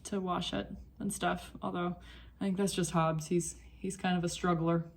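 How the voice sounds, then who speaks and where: Gravelly low-voiced young woman chatting. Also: flat delivery, moderate pace, a little hiss or hum. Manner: chatty, rambling, easily sidetracked. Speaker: knitting vlogger. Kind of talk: casual chat. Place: home.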